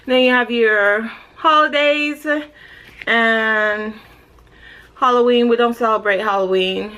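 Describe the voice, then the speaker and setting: A woman from Jamaica, in her thirties, talks casually to the camera in a pregnancy update vlog. Her voice sits fairly high. She keeps the chat light with playful, self-mocking asides. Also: fairly even intonation, takes it slowly, bright, forceful tone, smooth. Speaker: vlogger.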